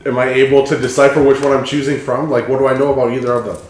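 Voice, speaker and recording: A man's voice: medium pitch, little pitch movement, rapid-fire, reverberant, a little hiss or hum, rough recording. A man playing in a tabletop game, talking casually and asking questions at the table. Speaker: player.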